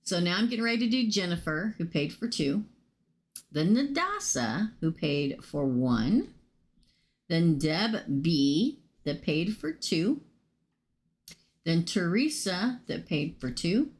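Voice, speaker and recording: A woman losing her voice, hosting a casual live tarot reading and chatting excitably with viewers she calls by name. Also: on the low side, slow, slightly rough.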